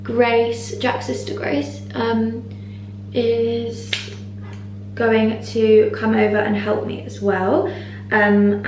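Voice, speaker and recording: A young woman in her twenties chatting casually to camera in a vlog, excitable and full of fillers. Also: fairly high pitch. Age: 20s. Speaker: vlogger. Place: indoors, mostly empty new flat. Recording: echoey room, faint background noise.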